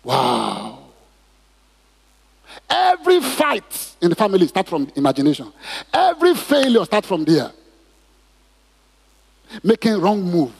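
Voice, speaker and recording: A man's voice: high voice, wildly swooping pitch, measured pace, vocal fry, pauses often, slightly rough. A man preaching a sermon in church, asking the congregation questions and drawing responses. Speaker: pastor. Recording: reverberant hall.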